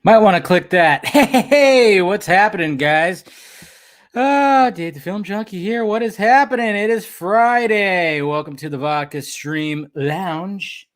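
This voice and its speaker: A man's voice: high-pitched, lively intonation, unhurried. A man hosting a casual livestream from home, upbeat and chatty as he greets viewers by name. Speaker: livestream host.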